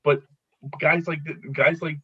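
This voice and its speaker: A comedian in his fifties chatting as a guest, telling animated stories and acting out what people said. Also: a little high, unhurried, breathy edge, dull audio. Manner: animated storyteller who acts out quotes. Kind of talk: casual chat with comic anecdotes.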